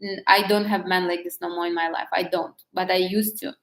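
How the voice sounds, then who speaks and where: A woman's voice: fairly low pitch, little pitch movement, brisk, reverberant. A woman talking candidly to camera about dating, chatty, with frequent restarts and light laughs. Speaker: vlogger giving dating advice. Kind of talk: casual talk to camera.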